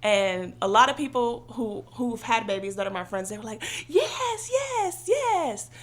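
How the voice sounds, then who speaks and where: Animated woman telling a story. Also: mid-range voice, a little fast. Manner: animated storyteller, acts out quoted voices. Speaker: podcast co-host. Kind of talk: casual chat.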